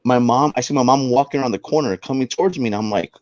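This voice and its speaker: A man's voice: mid-range voice, fast, no echo, dull audio. A man, a paranormal investigator, telling a story on a talk show, with lots of restarts. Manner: animated storyteller with many restarts.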